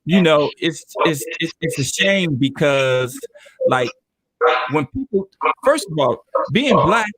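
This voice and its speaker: Higher-voiced male host, dry sound. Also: slow, husky, no room sound, poor audio. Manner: relaxed, conversational, repeats words as he thinks. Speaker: interview host. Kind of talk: conversational interview.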